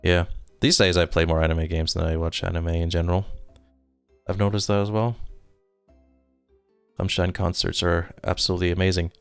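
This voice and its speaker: A man's voice: low-pitched, level tone, normal speed, creaky, long pauses, clean tone, no room sound, faint music behind. A man from Germany, a native German speaker, chatting casually on a live stream, reading viewer comments aloud and rambling self-deprecatingly with frequent chuckles. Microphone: desk microphone.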